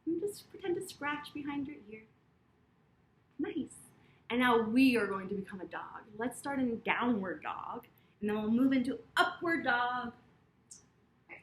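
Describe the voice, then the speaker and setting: A woman who teaches yoga and tells children's stories reads a picture book in a sing-song, encouraging way, leading the children through yoga poses and signing. Her voice is fairly high and fairly bright, recorded in an echoey room with slight hiss or hum.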